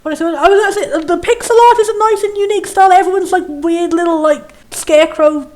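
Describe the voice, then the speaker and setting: A woman's voice: extremely high pitch, fast, a little mellow. A woman hosting a let's play, giving rambling casual commentary full of "like" and restarts. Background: faint game music.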